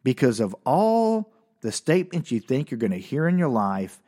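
A man's voice: mid-range voice, sing-song, moderate pace, dark tone. A man casually telling a personal story, rambling and correcting himself with a wry, dry humor.

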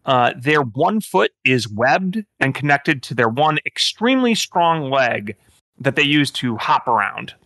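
Man, game master, rambling lore explanation, bright voice, dry close mic. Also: medium pitch, sing-song, unhurried, no room sound. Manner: rambling, filler-heavy explaining. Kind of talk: narrating a tabletop game.

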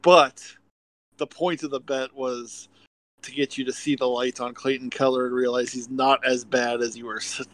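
A young man co-hosting a casual podcast, speaking in a measured way. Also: medium pitch, flat delivery, fairly bright tone, rough recording. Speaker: podcast co-host.

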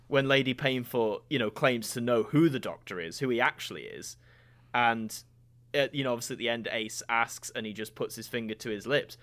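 A man hosting a podcast, chatting casually and enthusiastically with a guest, with animated, mocking asides. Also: medium pitch, brisk. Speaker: podcast host. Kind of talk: casual fan discussion.

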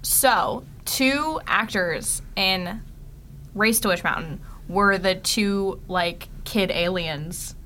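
A woman's voice: medium pitch, slow, pushed and bright, a little hiss or hum. A woman co-hosting a podcast in casual chat, giggly and rambling with many restarts. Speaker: podcast co-host.

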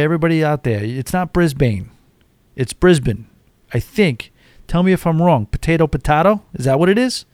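A man's voice: fairly high pitch, a little mellow, dry recording. A man hosting a solo cruise talk show, rambling chattily from one topic to the next. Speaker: cruise podcast host.

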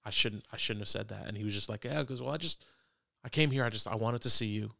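A man's voice: lowish voice, fast, vocal fry, pushed and bright, no echo, studio quality. A man in a casual faith conversation, telling a story earnestly and stammering over frequent restarts.

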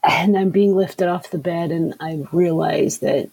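Very husky, slow-spoken woman. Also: lowish voice, steady tone, dark tone, poor audio. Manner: halting and earnest, repeats words. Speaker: interview guest. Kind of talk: personal testimony in conversation.

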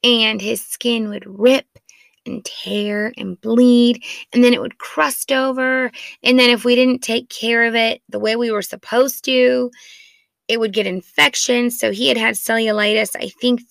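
A woman's voice: fairly high pitch, fairly even intonation, moderate pace, vocal fry, fairly bright tone, dry recording. A woman in her thirties, a mother of four, telling a family story in a chatty, rambling, self-deprecating way with lots of "like". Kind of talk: casual storytelling podcast.

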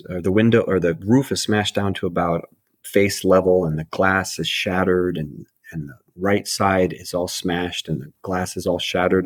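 A man with a low, slightly husky voice recounts a story from his past, earnest and halting, circling back to restart his sentences. He sounds close and dry, with no room around him. He is a middle-aged podcast guest. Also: dry recording. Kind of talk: personal storytelling.

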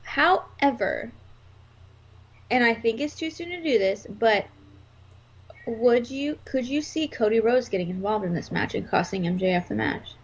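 A woman in a casual podcast chat about wrestling, talking in an animated, rambling, jokey way. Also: a little high, unhurried, breathy edge. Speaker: podcast co-host. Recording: slightly dull lo-fi sound.

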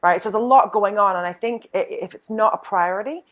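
A woman's voice: medium pitch, fast. A British woman who is a guest on a podcast, chatting casually, laughing often and mocking herself. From Britain.

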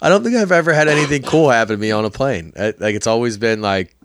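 A man's voice: mid-range voice, expressive, quick pace, a bit bright. A man hosting a casual podcast chat, laid-back and reacting with short interjections. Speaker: podcast host.

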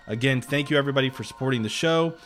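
A man's voice: medium pitch, very fast, a bit bright, soft background music. A man co-hosting a casual sports podcast, his voice nasal and congested from being ill, upbeat as he plugs upcoming episodes. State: congested from illness. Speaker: podcast co-host.

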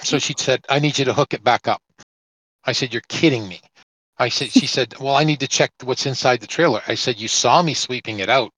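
A man's voice: medium pitch, fairly quick, fairly bright tone, no room sound, low-quality recording. A trucker man co-hosting a casual podcast, spinning a long story and acting out each quoted exchange. His voice is close to the mic and dry. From Canada. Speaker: truck driver and podcast host.

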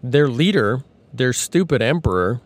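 Male podcast host, mid-pitch, conversational and earnest, dead-dry close sound. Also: lively intonation, measured pace, no echo. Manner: conversational, earnest, with frequent fillers and restarts. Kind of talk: casual monologue.

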